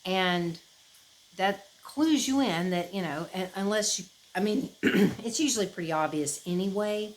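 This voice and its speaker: A woman from the United States, chatting casually to camera as a vlogger, rambling and expressive, with many fillers and restarts. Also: mid-range voice, unhurried, poor audio. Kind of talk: casual chat.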